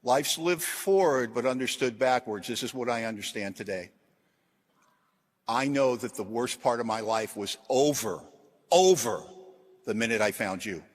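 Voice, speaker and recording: A middle-aged man giving a recovery talk to a large audience, telling self-deprecating stories with punchy one-liners and shifting from loud jokes to quiet earnestness. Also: medium pitch, normal speed. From Washington, USA. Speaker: AA convention speaker.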